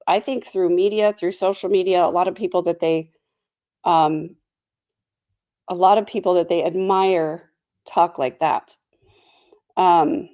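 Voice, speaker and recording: A woman's voice: lowish voice, mellow. Chatty woman hosting a true crime livestream. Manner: chatty, reflective, many fillers. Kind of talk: casual livestream commentary.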